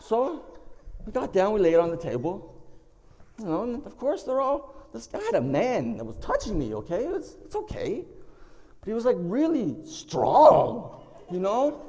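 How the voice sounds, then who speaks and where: Standing on a performing arts center stage, a high-voiced man shares a humorous personal story with a live audience at a moderate pace. He acts out voices and sounds with animation, and the hall's reverb lingers long.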